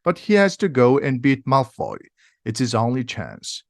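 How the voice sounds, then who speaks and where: A man reads a simplified storybook aloud. His pace is steady and his words are clear. He speaks at a middle pitch, and the recording is dry and close. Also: moderate pace, no room sound. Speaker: audiobook reader.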